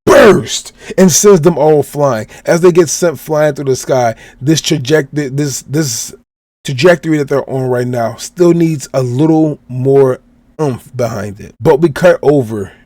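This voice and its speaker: A man's voice: mid-range voice, unhurried, mellow, no echo. A man from Chicago hosting a podcast, casually retelling a comic chapter step by step and quoting the characters' lines. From Chicago, USA. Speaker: podcast host.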